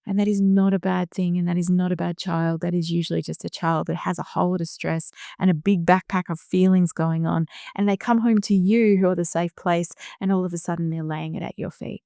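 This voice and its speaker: A middle-aged woman hosting a solo podcast, talking in a gentle, slow, soothing way with soft hushed asides. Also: on the low side, gravelly, clear, resonant tone, dry recording, studio quality. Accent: Australian. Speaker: podcast host. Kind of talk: reflective solo podcast talk.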